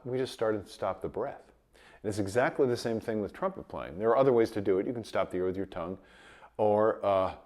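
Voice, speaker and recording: A man teaching trumpet in a casual video lesson, his voice a bit rough from a cold, explaining with light chuckles. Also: fairly low pitch. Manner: relaxed explaining with light chuckles, sings sample tones.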